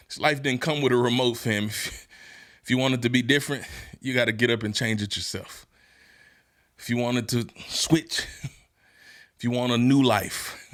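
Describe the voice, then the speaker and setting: A man hosting a motivational podcast, talking in casual slang and laughing often, building from easygoing storytelling into shouted, fired-up preaching. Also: medium pitch, normal speed, long pauses. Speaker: podcast host and motivational speaker.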